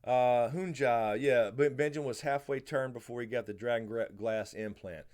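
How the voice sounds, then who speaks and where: A man with a Southern American accent runs a live Q&A stream, speaking in a mid-range voice at a normal speed. He's relaxed and rambling, chatting loosely and answering viewers by name as he greets them.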